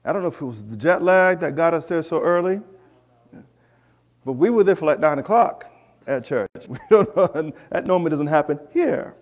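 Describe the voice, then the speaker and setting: A man preaching in a church, telling a lively personal story with asides to the congregation. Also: a little high, normal speed. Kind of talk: storytelling sermon.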